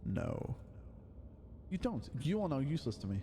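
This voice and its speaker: A young man giving playful, excitable live commentary while streaming a game, full of loud exclamations and silly voices. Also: medium pitch, measured pace, big-room sound, a little hiss or hum.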